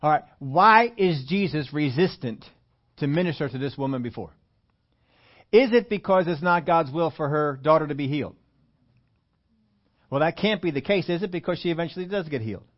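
A man's voice: a little high, lively intonation, moderate pace, long pauses, lo-fi sound. A male pastor giving a conversational sermon, reading scripture and asking the congregation rhetorical questions with humorous asides.

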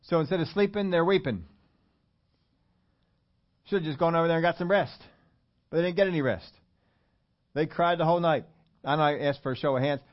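A man's voice: fairly high pitch, muffled recording. A man preaching a sermon in a conversational way, asking the congregation questions as he goes. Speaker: pastor.

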